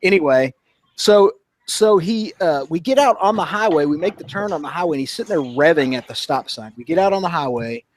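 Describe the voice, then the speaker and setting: A man's voice: fairly high pitch, expressive, brisk. A man co-hosting a casual motorcycle chat, telling a long story in an easygoing way. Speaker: motovlogger co-host.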